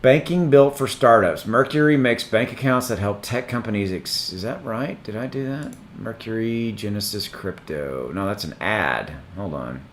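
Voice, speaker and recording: A man hosting a casual crypto livestream, rambling and thinking aloud while he looks things up, his voice starting to go hoarse. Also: medium pitch, expressive, normal speed, few pauses, slight background noise. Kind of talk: casual live-stream chat.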